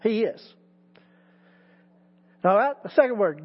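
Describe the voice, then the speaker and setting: A man with a very high voice delivers a sermon as teaching pastor, leaning hard on repeated words as he builds emphasis. The sound is muffled, and long reverb trails each phrase. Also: moderate pace. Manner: preaching with rising emphatic repetition.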